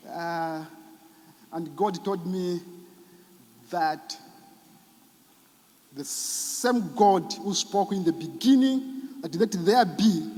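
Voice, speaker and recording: High-voiced man preaching in a hall. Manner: emotional, swings from loud exclamations to very soft lines. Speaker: psychologist speaking at a church event. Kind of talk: preaching-style talk. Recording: reverberant hall.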